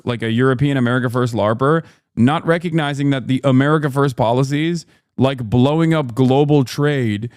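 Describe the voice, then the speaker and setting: A man's voice: medium pitch, a little mellow, clear, resonant tone, no room sound, studio quality. A male streamer giving heated, profane political commentary, mocking and ranting. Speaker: streamer host.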